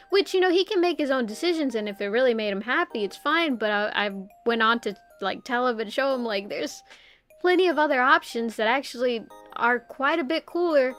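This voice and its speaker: A woman's voice: on the high side, expressive, moderate pace, fairly bright tone, faint music behind. A young woman streamer chatting casually and rambling, with lots of "like" and frequent laughs. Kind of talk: casual live-stream chat.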